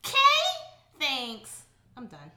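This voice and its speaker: A woman's voice: a little high, sing-song, drawn-out words, roomy sound, noisy background. A woman co-hosting a casual podcast, ranting bluntly with lots of profanity. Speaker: podcast co-host.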